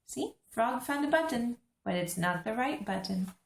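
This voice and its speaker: A woman reading a children's story aloud in a teacherly way, stopping to explain what the pictures show. Her voice has a gravelly edge, and the echoey room rings around it. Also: a little high, lively intonation, moderate pace. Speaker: host reading to English learners. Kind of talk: children's book read-aloud.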